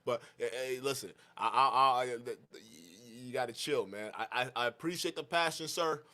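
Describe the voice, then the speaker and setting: A man's voice: medium pitch, fairly quick, sharp tone. A man in his twenties doing mocking reaction commentary, laughing often. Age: 20s.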